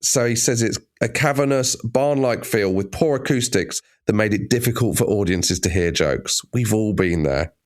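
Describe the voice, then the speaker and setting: A man's voice: on the low side, moderate pace, few pauses. A man co-hosting a podcast, chatting in a wry, joking way and swearing freely. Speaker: podcast co-host. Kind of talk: casual comedic chat.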